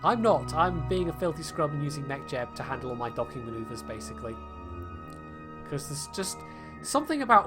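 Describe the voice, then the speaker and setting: A man's voice: a little high, lively intonation, moderate pace, over music. A British man casually talking through a game on a livestream, rambling with lots of fillers and wry, self-deprecating jokes. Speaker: game streamer. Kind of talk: casual livestream gameplay commentary.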